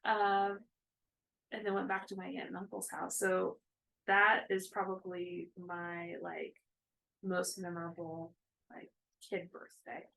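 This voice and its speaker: Chatty woman with a gravelly edge. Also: on the low side, flat delivery, slow pace, a bit bright, low-quality recording. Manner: rambling, chatty, with many fillers. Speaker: co-host of a cross-stitch video chat. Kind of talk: casual chat.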